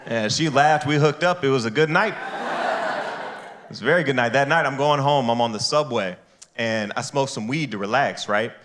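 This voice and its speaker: A man doing a stand-up set on a club stage. He is animated and jumps into high, squeaky character voices for the people in his stories, speaking into a handheld mic. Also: moderate pace. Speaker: stand-up comedian. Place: comedy club stage with a live audience.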